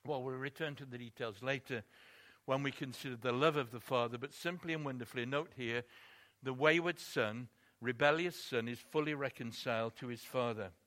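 Emphatic preacher, forceful bright voice. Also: male voice, mid-range voice, normal speed. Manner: expressive storytelling, rising emphatically on key points. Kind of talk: sermon.

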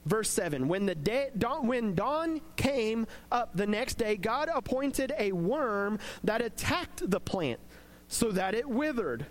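A man preaching in a casual, conversational devotional style and retelling a scripture story in an animated way. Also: sits high, slow pace.

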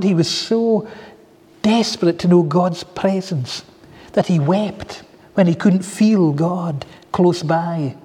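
A man preaching a sermon, telling stories in an earnest, heartfelt way with soft asides. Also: high voice, breathy edge, in a large hall. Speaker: pastor.

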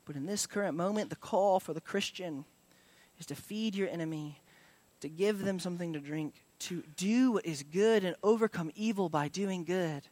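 High-voiced man preaching conversationally. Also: normal speed, darkish tone, dry recording. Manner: conversational preaching with frequent fillers and restarts. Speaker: pastor. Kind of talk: sermon.

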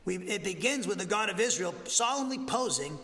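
A man's voice: high voice, animated, a little fast, sharp tone. A man with a Southern American accent teaching an expository Bible lesson in a church, emphatic and often repeating and restarting his phrases. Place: church sanctuary. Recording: echoey hall with long reverb.

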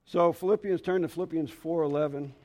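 A man's voice: on the high side, fairly even intonation, a little fast, mellow. A man giving an informal, rambling sermon in a folksy, anecdotal way, reading scripture aloud. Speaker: lay preacher.

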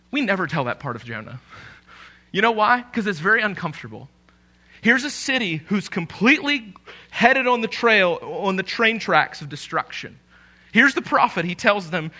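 A man preaching a sermon as pastor, conversational and animated, with emphatic rises. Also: high-pitched, normal speed.

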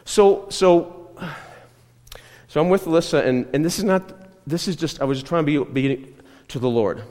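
A man's voice: on the high side, moderate pace, darkish tone, big-room sound. A man preaching a conversational sermon as pastor, telling a personal story, repeating himself and often checking in with the congregation. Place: church.

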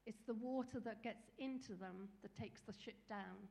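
A woman's voice: fairly high pitch, normal speed, gravelly, a little mellow, long reverb tail. A woman preacher giving an earnest, encouraging sermon with small fillers.

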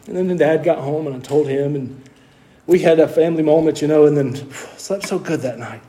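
Folksy preacher man, dark mellow voice. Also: on the high side, fast talker. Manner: storytelling testimony, folksy, repeats words when earnest. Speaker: pastor. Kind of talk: sermon.

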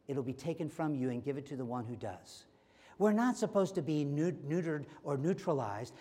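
A man preaching a sermon as pastor, animated and acting out quoted voices. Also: a little high. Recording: long hall reverb.

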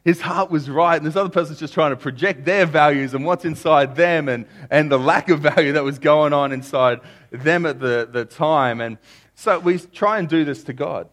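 Male pastor, fairly high voice, casual sermon delivery with frequent restarts. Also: moderate pace, fairly bright tone. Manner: conversational, repeats phrases, stammers restarts.

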